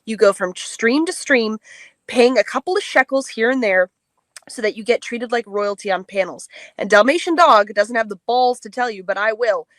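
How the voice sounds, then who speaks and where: A woman's voice: on the high side, moderate pace, a bit bright, no room sound. A woman on a livestream panel, angrily scolding another panelist with contemptuous insults over a call. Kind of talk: heated on-air confrontation.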